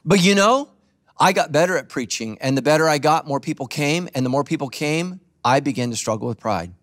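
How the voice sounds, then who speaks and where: A middle-aged male pastor preaching a sermon with animated, humorous storytelling. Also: fairly high pitch, fairly quick.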